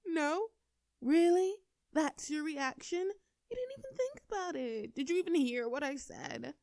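Woman doing a provocative young woman, very slow drawl, gravelly fry, lively swooping pitch, dry close sound. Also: no echo, full character voice. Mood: teasing.

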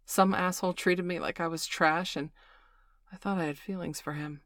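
A blunt schoolteacher with a wry, bitter edge who still comforts kindly, as a woman narrator plays her. Her voice is low and dry, close and plain. It reads like an audiobook character. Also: steady tone, normal speed, no echo. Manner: blunt, wry, gently reassuring. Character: blunt, caring young female teacher.

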